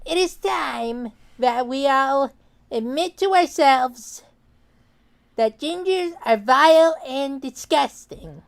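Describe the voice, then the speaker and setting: A man's voice: very high voice, expressive, takes it slowly, vocal fry, heavily acted. A man voicing a smug, hateful schoolboy who delivers a class speech in a nasal, sneering, mock-solemn way. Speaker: student speaker. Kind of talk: cartoon voice acting.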